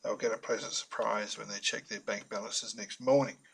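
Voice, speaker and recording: A man's voice: fairly low pitch, steady tone, normal speed, creaky, fairly bright tone, breathy edge, poor audio. Man narrating with wry asides. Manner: chatty, wry storytelling with asides. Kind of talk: self-published audiobook narration.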